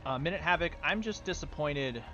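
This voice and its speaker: A man's voice: on the high side, expressive, fairly quick, lo-fi sound, over music. A man casually chatting on a game livestream, rambling and answering his chat. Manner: rambling and talking back to chat. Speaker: game streamer.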